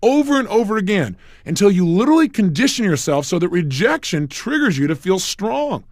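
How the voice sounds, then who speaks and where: Lively, emphatic high-pitched male coach. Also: fairly quick, no room sound. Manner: emphatic, repetitive, storytelling. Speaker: motivational speaker. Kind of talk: recorded self-help audio program.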